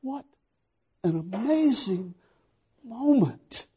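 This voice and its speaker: Male preacher, high voice, husky, dramatic storytelling sermon. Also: animated, drawn-out words, mellow. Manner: dramatic storytelling, swelling to fervent emphasis. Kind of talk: sermon retelling a scripture story.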